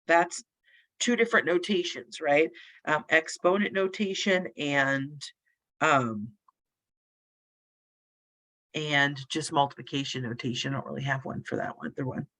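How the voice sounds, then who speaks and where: A woman instructor walks through math problems in a relaxed, sleepy way, thinking aloud as she writes. Her voice sits a little low for a woman. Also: measured pace, pauses often. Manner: casual, thinking aloud while working problems. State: sleepy, yawning. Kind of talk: recorded math lecture.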